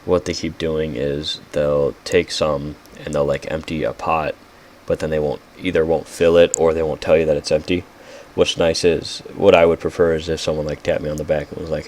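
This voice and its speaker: A man's voice: rumbling low, level tone, moderate pace, darkish tone, slight background noise. A young man hosting a casual solo podcast, rambling and losing his track, with lots of "like" fillers and self-mocking jokes. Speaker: podcast host.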